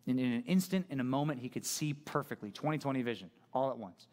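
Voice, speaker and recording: A male pastor preaching a sermon in a casual, conversational, animated way. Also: medium pitch, quick pace.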